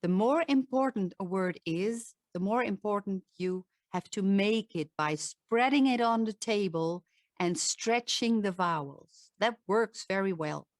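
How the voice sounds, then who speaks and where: A woman with a Dutch accent speaks slowly and deliberately, a voice coach explaining and demonstrating how the voice works. Her pitch is mid-range for a woman. The sound is close and dry, with little room echo. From Netherlands. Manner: demonstrative, shifts pitch to show examples. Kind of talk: talk with vocal demonstrations.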